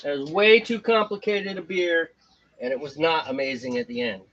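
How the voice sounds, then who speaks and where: A man's voice: on the high side, moderate pace, a bit bright, dull audio. A man co-hosting a homebrew stream, chatting casually and joking while he brews. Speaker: homebrew show co-host. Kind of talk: casual chat while brewing on a live stream.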